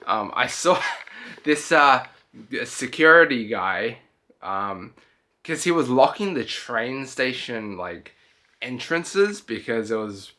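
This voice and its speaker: A man's voice: mid-range voice, big pitch swings, slow pace, pushed and bright. A young man, tipsy and tired, rambling through a casual late-night travel vlog and often breaking off and restarting. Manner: rambling, self-interrupting, loose speech. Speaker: travel vlogger.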